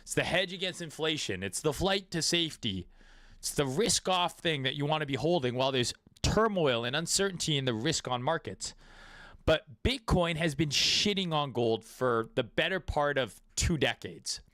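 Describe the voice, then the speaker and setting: Profane guy ranting about crypto charts, kinda high voice, dead dry mic. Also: animated, moderate pace, a bit bright, dry recording. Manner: crude, profane, riffing. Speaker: crypto trading commentator. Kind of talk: casual market commentary.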